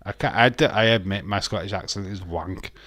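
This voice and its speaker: A man's voice: deep voice, brisk, pushed and bright, no room sound. A man chatting casually on a wrestling watch-along stream, rambling and blunt, with frequent laughs. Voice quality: rambling, blunt, repeats words, laughs often. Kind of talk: casual live-stream chat.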